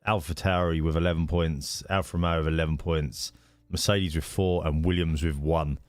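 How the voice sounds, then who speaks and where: A man's voice: rumbling low, steady tone, moderate pace, no echo. A man hosting a live stream of a racing league, chatting casually and greeting viewers by name with lots of fillers.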